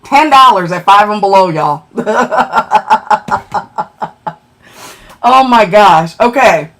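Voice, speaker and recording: A woman chatting on a livestream, excitable and emotional as she thanks viewers for gifts and checks her ranking. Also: medium pitch, normal speed.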